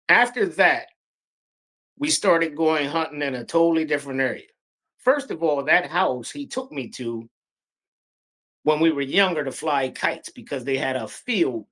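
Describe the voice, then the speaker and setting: A middle-aged man from Pennsylvania telling a true encounter story in a halting, breathless, vivid way. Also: a little high, bright, forceful tone. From Pennsylvania, USA. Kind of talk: animated personal storytelling.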